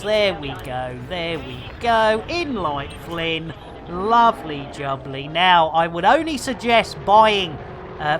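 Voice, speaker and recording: Her voice sits in the middle range with a touch of brightness, and her accent is British English. This middle-aged woman plays a game on stream, chatting casually with viewers in a joking, slang-filled way.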